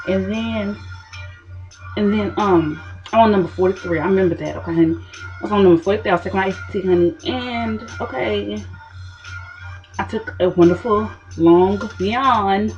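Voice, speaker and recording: A woman's voice: medium pitch, moderate pace, pauses often, muffled recording, soft background music. A woman telling a story to camera in a sassy, dramatic diva manner. She keeps tossing in "okay, honey.". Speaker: vlogger.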